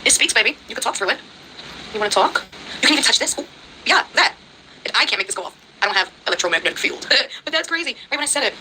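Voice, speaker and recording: A woman running a spirit box session, excitable and exclaiming as she reacts. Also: fairly high pitch, fast, slight background noise, rough recording.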